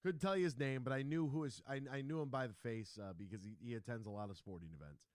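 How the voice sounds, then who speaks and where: Male sports talk host, lively raconteur, dry close mic. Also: mid-range voice, fast, no echo. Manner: animated storyteller, acts out quotes, laughs. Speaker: radio show host. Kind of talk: casual sports radio chat.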